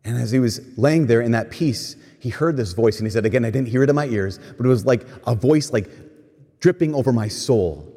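A man with a husky, slightly breathy voice delivers a storytelling sermon, slipping into the voices of the people he quotes. His words ring out with a long reverb, as though spoken in a large hall. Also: medium pitch, fairly quick. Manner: animated retelling with quoted voices. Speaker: preacher.

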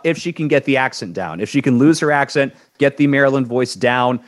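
A medium-pitched man speaks briskly as he co-hosts an entertainment news show. Of Cuban descent, he gives an emphatic, blunt opinion, repeating words often while building his point.

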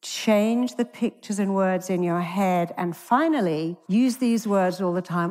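Animated woman speaking in a large hall. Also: a little slow, few pauses. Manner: animated storyteller who acts out quoted dialogue with big pitch leaps. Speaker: therapist and stage speaker. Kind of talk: motivational stage talk. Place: large conference stage. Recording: long reverb of a large hall.

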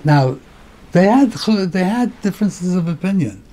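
A man's voice: high-pitched, lively intonation, a little slow, warm tone. A rabbi giving a Torah lecture, mixing Hebrew terms into English and often repeating words as he thinks.

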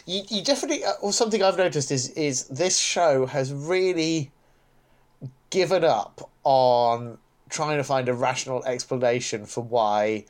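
A man at a middle pitch co-hosts a relaxed podcast conversation. He thinks out loud, repeats words as he gets going and laughs lightly as he goes. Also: normal speed. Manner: chatty, stumbling restarts and chuckles. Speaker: podcast co-host. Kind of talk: casual chat.

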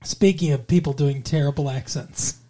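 A man's voice: on the high side, normal speed, dark tone, a little hiss or hum. A man hosting a casual podcast chat, rambling, trailing off and correcting himself as he goes. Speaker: podcast host.

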